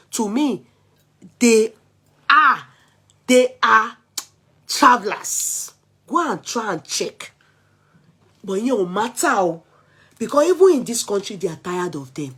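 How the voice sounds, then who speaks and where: A middle-aged woman with a Nigerian Yoruba accent, talking through casual commentary as a vlog host, animated and exclaiming as she switches between languages. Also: a little high, slightly rough. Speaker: vlog host taking calls.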